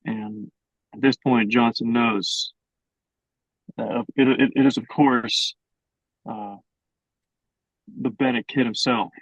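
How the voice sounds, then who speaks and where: Slow, hesitant young man narrating. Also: mid-range voice, steady tone, no echo, highs cut off. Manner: hesitant, filler-heavy narration. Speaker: podcast co-host. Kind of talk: improvised storytelling.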